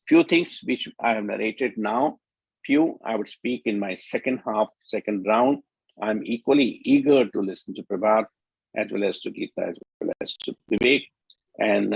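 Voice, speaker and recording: A man's voice: on the low side, normal speed, creaky, breathy edge, no room sound, rough recording. A middle-aged man with an Indian English accent, giving an earnest conference talk and repeating words for emphasis. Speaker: speaker at a media conference.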